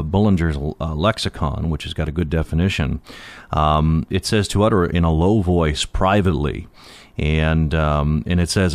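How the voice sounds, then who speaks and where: A man with a fairly low voice teaches through a Bible passage in an unhurried, conversational manner. He pauses on fillers and lifts his voice to stress key words. The recording is dry and close, with no room sound. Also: a little mellow, no room sound.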